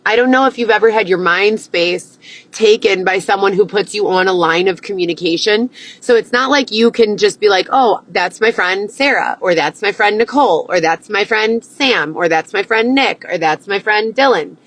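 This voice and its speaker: A woman's voice: medium pitch, normal speed, fairly bright tone, poor audio. A young woman ranting to camera, agitated and heavy with profanity, repeating herself as she vents. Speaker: vlogger.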